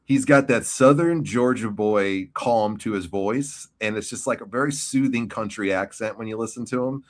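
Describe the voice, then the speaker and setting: Casual podcast host, New Yorker with a lowish voice, cusses freely while telling stories. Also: male voice, moderate pace. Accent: New York. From New York. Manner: profane, storytelling. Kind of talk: casual wrestling chat.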